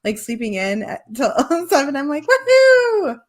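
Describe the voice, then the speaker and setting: A woman's voice: on the high side, lively intonation, moderate pace. A young adult woman hosting a casual podcast chat, chatty and laughing often. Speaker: podcast host.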